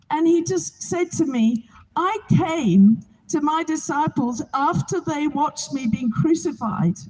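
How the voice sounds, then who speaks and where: A high-pitched woman speaks to a gathered crowd outdoors. Her delivery is earnest and heartfelt, in the manner of a preacher sharing her testimony. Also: a little mellow, poor audio. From England. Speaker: Bible reading organizer.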